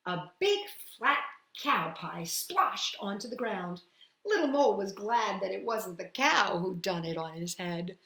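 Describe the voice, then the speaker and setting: Woman reading a kids book, bouncy sing-song, slow, echoey room. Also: medium pitch. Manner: expressive storybook reading with sound effects. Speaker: children's storyteller. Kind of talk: reading a picture book aloud. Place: at home.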